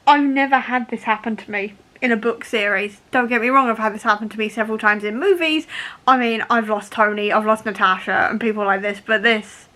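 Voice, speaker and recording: A woman's voice: mid-range voice, pushed and bright. A young woman talking in a casual reading vlog, emotional and laughing through tears as she reacts to a book. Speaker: book vlogger.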